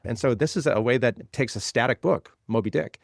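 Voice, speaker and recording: A man talking through ideas as an interview guest, stacking one phrase on another as he builds each point. His voice sits at an ordinary middle pitch. The sound is dry and close, with no room around it. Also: fairly quick, gravelly, dry recording. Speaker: interview guest, legal tech expert. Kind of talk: conversational interview.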